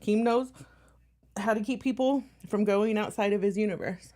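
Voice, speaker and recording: A woman's voice: medium pitch, moderate pace, darkish tone. A woman streamer talking bluntly and profanely in casual stream chat, with a sarcastic edge. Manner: slightly out of breath while moving furniture.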